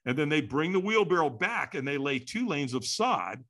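A man telling a story in an animated way, acting out the quotes and sounds. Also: a little high, moderate pace. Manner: lively, acts out quotes and sounds.

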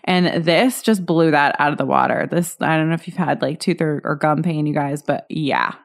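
A woman's voice: low voice, normal speed, gravelly. A woman in her thirties hosting a solo podcast, telling a personal story in a candid, chatty way with lots of fillers and restarts. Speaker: podcast host.

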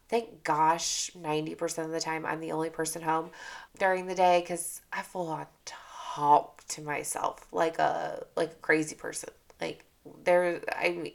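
A woman's voice: low-pitched, gravelly. A woman hosting her own podcast, talking candidly in a casual motivational monologue and repeating phrases for emphasis. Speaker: podcast host.

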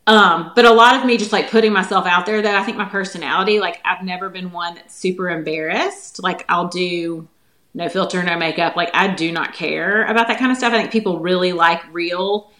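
A woman in her forties with a Southern US accent talks at a rapid clip, filling her sentences with "like". Her voice is bright and forward, and the recording picks up a roomy echo around her. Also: on the low side, fairly even intonation. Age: 40s. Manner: quick, chatty, lots of filler "like". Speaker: guest, holistic nutritionist. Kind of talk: casual podcast chat.

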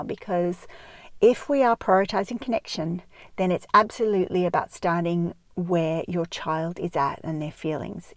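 A woman with a fairly low voice talks through parenting advice in a calm, measured way, stopping often with soft ums. The sound is dry and close, with no room around it. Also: no room sound. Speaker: parenting educator. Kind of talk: podcast-style advice talk.

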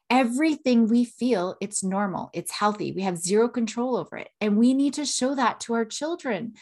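A woman's voice: medium pitch, normal speed. A woman in her thirties hosting a parenting podcast, explaining in a casual teaching monologue and acting out feelings and quotes. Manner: animated, acts out emotions and quotes with tag questions.

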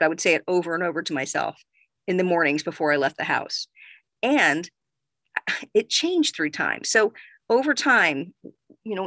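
A woman's voice: lowish voice, sharp tone, dry recording. A woman giving motivational advice in a direct, conversational way, speaking straight to the listener. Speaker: self-help speaker.

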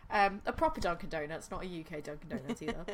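A woman's voice: lowish voice, expressive, quick pace. A young woman co-hosting a podcast, chatting casually and rambling with lots of fillers as she rants. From United States. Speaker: podcast co-host. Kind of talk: casual chat.

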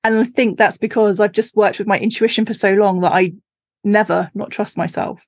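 A woman's voice: mid-range voice, fairly even intonation, a little fast, darkish tone, no echo, clean studio sound. A woman, a podcast guest and author, telling stories in a casual chat and acting out her own reactions with laughs. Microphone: remote call.

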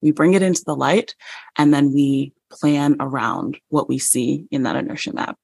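A woman guest on a podcast, a published writer, telling a story in a lively way and acting out the dialogue with small laughs. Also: low-pitched, moderate pace, gravelly, slightly rough, dry recording. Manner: animated, acts out dialogue in stories, frequent restarts and light laughs.

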